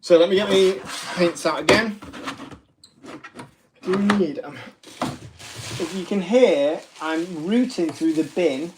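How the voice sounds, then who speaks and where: A man's voice: high voice, slow, pauses often, background noise. A man, hosting a casual live craft demo, chatty and self-deprecating with rambling asides. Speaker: craft livestream host.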